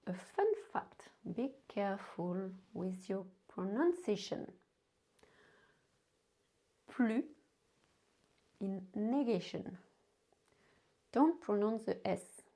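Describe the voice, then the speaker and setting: French-accented woman, native French teacher, slow deliberate delivery, mellow tone. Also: mid-range voice, animated. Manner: slow, careful teaching with repeated example sentences. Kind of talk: language lesson.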